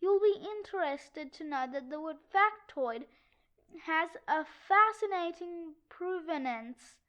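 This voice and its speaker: A woman's voice: extremely high pitch, lively intonation, slow pace, bright, forceful tone, highs cut off, heavily acted. A woman voicing a prim, know-it-all schoolboy who lectures everyone with facts, in a children's book read-aloud. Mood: lecturing.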